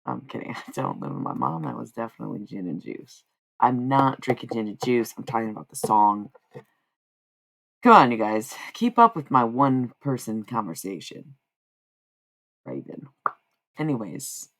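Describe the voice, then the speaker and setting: American woman, streamer, casual rambling chat, swears, gravelly, raspy. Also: a bass voice, very animated, normal speed. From United States.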